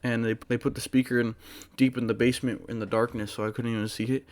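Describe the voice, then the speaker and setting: A man telling a story to his channel in a casual, rambling way, full of fillers and excited restarts. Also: medium pitch, fast. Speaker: vlogger.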